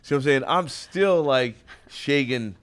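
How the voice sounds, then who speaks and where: A man's voice: mid-range voice, lively intonation, a little slow. A man hosting a radio talk show from a studio, bantering and joking with a playful, hyped announcer-style delivery.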